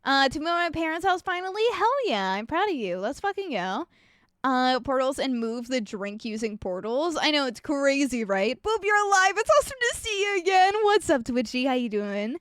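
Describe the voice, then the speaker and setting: A woman's voice: high voice, normal speed, dry recording, studio quality. A young adult woman streaming live, telling stories with plenty of swearing and reading out her chat. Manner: animated, swearing, ranting storyteller; reads and answers chat messages.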